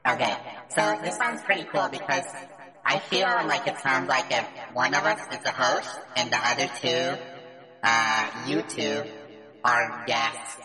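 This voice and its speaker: A woman with a very low voice chats on a video call, rambling and searching for words. Her voice carries a long reverb. Clear guitar music plays behind her. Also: a little slow. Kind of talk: casual chat.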